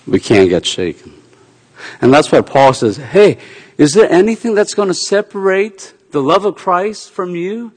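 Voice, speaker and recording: A man's voice: high voice, lively intonation, a little slow, husky. A middle-aged man, a pastor, preaching a sermon in a conversational way with playful asides. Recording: long hall reverb.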